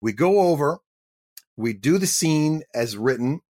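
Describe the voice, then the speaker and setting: A middle-aged Canadian man, a guest actor telling a lively anecdote in an interview and acting out the voices of the people in it. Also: a little high, measured pace. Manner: animated storyteller acting out quoted voices.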